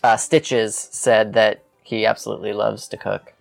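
Chatty player, gravelly voice, bit hesitant, some music in the back. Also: mid-range voice, flat delivery, unhurried. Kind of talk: casual tabletop play.

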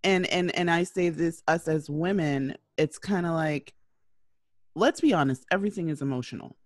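A woman's voice: sits low, moderate pace, no room sound. Chatty woman host, dry sound. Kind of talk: casual interview talk.

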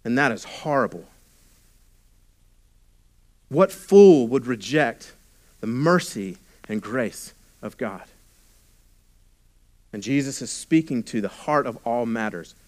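A pastor preaching a sermon, reading scripture and explaining it, often dropping to a quiet, intimate tone and then rising with force. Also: male voice, mid-range voice, expressive, measured pace. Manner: preaching with sudden drops to a hushed voice and swells in volume.

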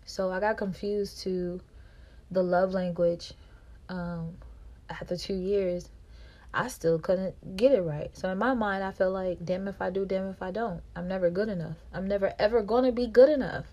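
A woman podcast host, telling a personal story in a monologue and acting out quarrels in a louder, higher voice. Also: normal speed. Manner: reenacts quarrels with raised pitch and volume.

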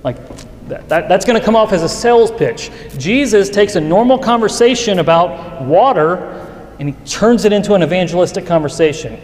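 A man's voice: high voice, fairly quick. A man preaching a sermon in an earnest, conversational way, often restarting his sentences. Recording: echoey hall with long reverb.

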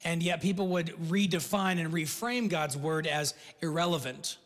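A man's voice: fairly high pitch, moderate pace. A man from the United States preaching a sermon in a conversational way, acting out the lines he quotes and often restarting his sentences. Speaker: pastor. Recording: long hall reverb.

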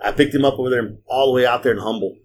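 Rapid-fire and medium-pitched, this man hosts a podcast where he spins lengthy, profane anecdotes in casual conversation. He's a rideshare driver, and he voices the people in his stories as he rambles.

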